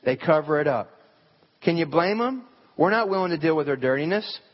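Pastor preaching in a reverberant church hall. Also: male voice, fairly high pitch, expressive, a little fast. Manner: conversational preaching with rhetorical questions. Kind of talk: sermon. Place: church sanctuary. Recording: hall reverb, dull lo-fi sound.

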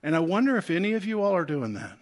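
A man with a Southern US accent preaching a sermon as pastor, swinging between loud urgent calls and soft hushed appeals. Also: sits high, big pitch swings, quick pace.

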